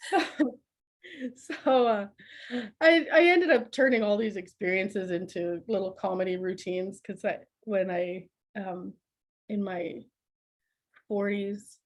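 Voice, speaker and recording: A middle-aged woman, a podcast guest telling family stories in a lively, laughing, conversational way. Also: medium pitch, slow, pauses often. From Canada. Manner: laughs often, animated anecdotes with acted quotes. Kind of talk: conversational storytelling.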